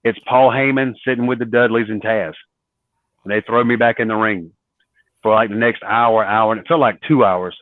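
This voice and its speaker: A man's voice: fairly low pitch, fairly even intonation, normal speed, no echo. A man, a former wrestler telling stories in an interview and acting out the dialogue he quotes. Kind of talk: storytelling interview. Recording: dry, phone-like narrow sound.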